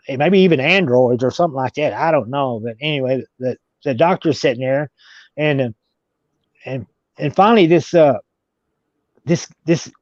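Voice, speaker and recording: A man's voice: fairly high pitch, a little mellow, dry recording. A man telling a long story as an interview guest, rambling with many restarts. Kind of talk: casual storytelling. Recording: dull lo-fi recording.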